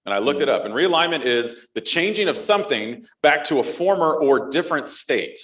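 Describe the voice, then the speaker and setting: A man's voice: a little high, expressive, brisk, a bit bright, roomy sound, low-quality recording. A man co-hosting a live podcast in front of a conference audience, joking and asking the crowd for their thoughts. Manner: playful, jokey, engages the crowd. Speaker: podcast co-host.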